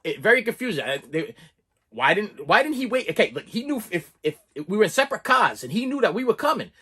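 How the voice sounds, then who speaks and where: Animated, husky-voiced man ranting about a movie. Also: sits high, fast. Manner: animated, exasperated, repeats himself. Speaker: movie reviewer. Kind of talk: casual movie review rant.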